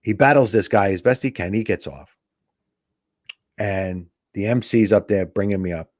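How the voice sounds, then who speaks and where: A comedian, telling a long anecdote in a podcast chat and acting out the people in it. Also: male voice, lowish voice, moderate pace, no echo, clean studio sound. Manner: animated anecdote teller, acts out quotes. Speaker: comedian guest. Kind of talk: podcast storytelling.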